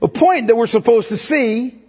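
A man's voice: very high-pitched, normal speed, darkish tone, slightly rough, in a large hall. A man preaching a sermon as pastor, emphatic and repeatedly checking in with the congregation.

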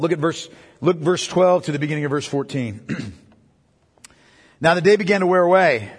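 Male pastor, high husky voice, emphatic conversational sermon, long hall echo. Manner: emphatic, conversational preaching with rhetorical questions.

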